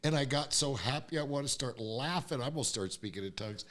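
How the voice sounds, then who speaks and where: An older man as an interview guest, telling animated stories, acting out quotes and laughing often. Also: medium pitch, quick pace. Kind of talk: animated storytelling.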